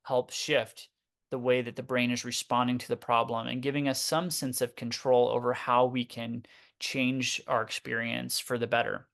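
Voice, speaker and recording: A man's voice: medium pitch, little pitch movement, moderate pace, creaky, fairly bright tone. A man working as a therapist, explaining ideas in a casual, conversational way, sometimes swearing and acting out examples of inner self-talk. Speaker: therapist guest.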